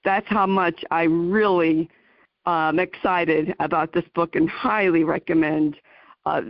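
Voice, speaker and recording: A woman hosting a radio interview show who talks effusively and emotionally, with halting "uh"s between her words. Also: on the low side, steady tone, dry recording, lo-fi sound. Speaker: host.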